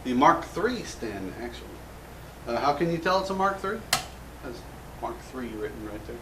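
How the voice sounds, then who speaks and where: A man's voice: medium pitch, sing-song, normal speed, noisy background. American guy goofing around hosting a gun show, sounds far off in an echoey room. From United States. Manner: goofy, self-mocking, rambling jokes. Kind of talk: casual joking show-and-tell. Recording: roomy echo from a distant mic.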